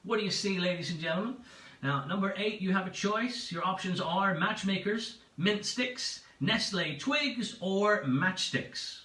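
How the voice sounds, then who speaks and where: A man's voice: high-pitched, measured pace, bright, forceful tone, recorded from a distance. A man hosting a livestreamed pub quiz from home, chatty and playful, reading out each set of options twice. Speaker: quiz host. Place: room at home. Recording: echoey room, away from the mic.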